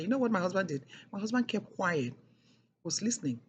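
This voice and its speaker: A woman's voice: medium pitch, very animated, a little fast, dull audio, slight background noise. A middle-aged woman telling a personal story in an emphatic, repetitive way, leaning hard on key words. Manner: emphatic and repetitive, with heavy stresses. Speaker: speaker sharing a personal testimony.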